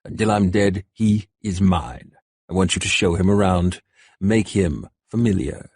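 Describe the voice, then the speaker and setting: A male narrator voices a cold, mocking warrior captor, speaking in a low, husky tone and stretching every word out slowly. The delivery is dry, close and deliberate, with quiet menace beneath its calm. It's a full character performance with no room sound.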